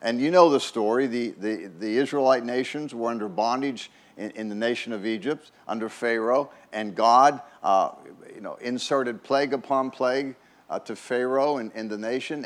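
A man's voice: medium pitch, moderate pace. A man preaching a conversational sermon as a pastor, folksy and chatty, often repeating words and checking in with "right?".

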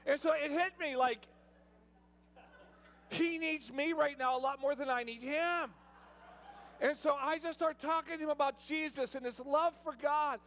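A man, a pastor, preaching a sermon in a storytelling way, repeating words and restarting, at times building to loud preaching. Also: very high voice, steady tone, measured pace, pauses often. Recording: long reverb of a large hall.

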